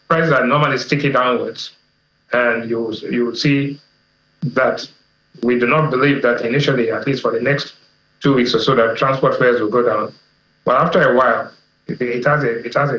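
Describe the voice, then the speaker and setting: A middle-aged Nigerian man, an economist guest, explaining commodity prices in a measured way, listing figures one by one. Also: mid-range voice, fairly bright tone. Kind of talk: economic analysis interview. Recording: roomy, slightly dull TV audio.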